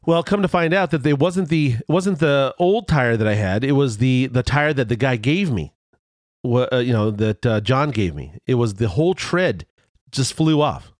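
Rambling, animated man telling a story. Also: normal speed, dry recording, studio quality. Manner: rambling with frequent restarts and fillers; animated, jumps higher when excited. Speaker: vlogger telling a road story. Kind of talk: casual storytelling.

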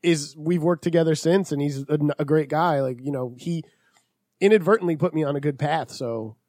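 A man's voice: fairly high pitch, normal speed, no room sound, studio quality. A man in his thirties casually telling a work story to friends, swearing a lot and acting out the people in it. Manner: swears often, animated storytelling with quoted voices. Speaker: podcast host.

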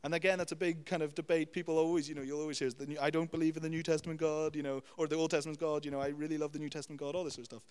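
A man's voice: on the high side, racing, few pauses, smooth. Man preaching in a reverberant hall. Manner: animated storytelling with repeated "you know" and "okay?". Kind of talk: sermon.

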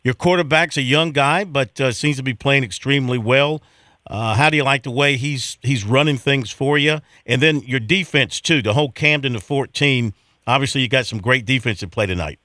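A man hosts a sports radio show with a bright, sharp voice, chatty and folksy. He asks leading questions. His sound is dry and close. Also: medium pitch, normal speed, no echo.

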